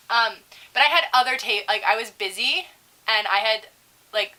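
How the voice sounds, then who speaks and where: A young woman co-hosting a casual chat, telling profane, animated stories about her job as a server. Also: mid-range voice, moderate pace, poor audio. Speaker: co-host.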